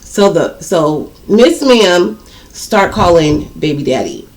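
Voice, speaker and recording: A woman's voice: on the low side, big pitch swings, takes it slowly, darkish tone. A woman telling viewers a personal story in a casual, blunt, profane way. She speaks to her audience directly and repeats words for emphasis. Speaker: storytime vlogger.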